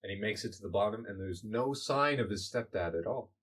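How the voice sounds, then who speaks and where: A man hosting a comedy podcast, narrating an improvised story in a relaxed, chatty way. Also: lowish voice, a little fast. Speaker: podcast host.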